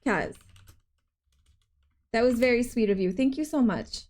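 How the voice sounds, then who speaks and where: A young adult woman streaming a video game live, chatting excitedly with her viewers and gasping often. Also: a little high, a little slow. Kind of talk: live gameplay stream chat.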